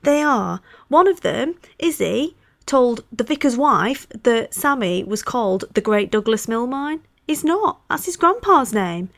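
A woman's voice: on the high side, very animated, unhurried, vocal fry, a bit bright, no echo. A woman in her thirties hosting a podcast, talking with passion in a casual, chatty way and laughing often. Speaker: podcast host reviewing knitting patterns. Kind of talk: casual solo podcast chat.

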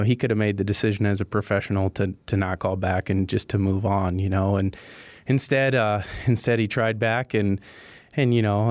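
A man's voice: deep voice, a little mellow, no room sound. A man in team communications recalling how he got his start, talking in a storytelling way full of "you know" fillers. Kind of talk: reflective interview remarks.

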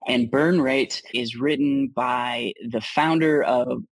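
A man's voice: medium pitch, takes it slowly, no room sound, poor audio. A man, a startup founder being interviewed, answering in an upbeat casual way with many restarts and fillers.

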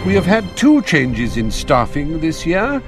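A man's voice: fairly high pitch, wildly swooping pitch, a little slow. An actor playing an elderly male wizard headmaster who makes formal announcements to students over film music. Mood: formal, welcoming. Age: older. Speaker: school headmaster addressing students. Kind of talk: film dialogue. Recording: film clip with score underneath. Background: orchestral music.

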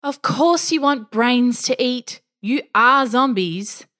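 A woman's voice: fairly high pitch, slow, bright, forceful tone, voice pushed up. A woman voicing a bossy, fearless eleven-year-old girl who talks in a firm, matter-of-fact way in a storybook reading. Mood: exasperated.

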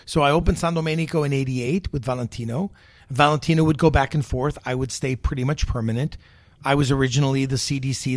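A man's voice: medium pitch, no room sound. Older male chef telling stories. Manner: animated anecdotes with repeated restarts. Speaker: guest chef. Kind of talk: storytelling interview.

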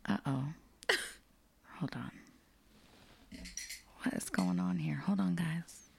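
Woman podcaster, low voice, gravelly fry, sweary joking chat, dry sound. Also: takes it slowly, darkish tone, slight background noise. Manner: sweary, jokey, reads listener messages aloud. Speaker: podcast co-host.

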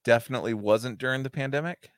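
A man's voice: mid-range voice, fast, no echo, studio quality. A man in his thirties with an American accent, co-hosting a podcast in casual chat, swearing a lot and laughing often. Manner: calls everyone dude. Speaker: podcast co-host.

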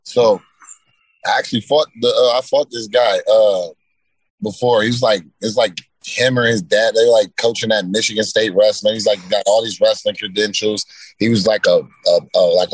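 Low husky man, laid-back talk. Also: no echo, poor audio. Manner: laid-back, repeats "you know what I mean". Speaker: guest fighter. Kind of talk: casual interview chat.

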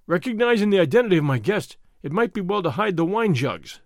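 A man voicing a proud, blunt older friar with a deep voice, firm and defiant, in an audiobook reading. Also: big pitch swings, a little fast, dry recording, clean studio sound. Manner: firm, defiant, plain-spoken.

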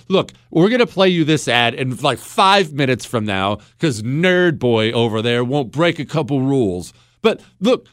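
A man's voice: medium pitch, dry recording. A man hosting a radio talk show, delivering a blunt, emphatic and sarcastic monologue into a studio microphone.

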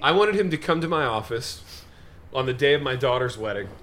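A man co-hosting a comedic talk show, speaking with theatrical, mock-grave indignation. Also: a little fast. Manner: theatrical, mock-grave, animated pitch swings. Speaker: podcast co-host.

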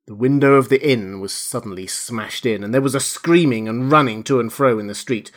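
A man narrating a classic novel aloud in a measured, expressive way. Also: mid-range voice. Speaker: reader. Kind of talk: audiobook narration.

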